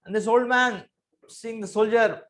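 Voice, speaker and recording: A man with a notably high voice gives a spiritual discourse, shifting between teaching and storytelling, and earnestly repeats phrases to drive his points home. Though his pitch and loudness swing dramatically, his tone stays steady and his pace measured.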